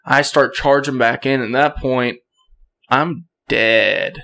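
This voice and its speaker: A young man, a podcast guest, telling a hunting story in a casual, animated way and acting out the quoted voices. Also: medium pitch, takes it slowly, vocal fry.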